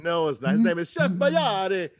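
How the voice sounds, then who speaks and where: A man co-hosting a podcast, chatting casually with lively mock outrage and jokes. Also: high voice, normal speed, no echo, clean studio sound. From United States. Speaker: podcast co-host. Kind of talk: casual joking chat.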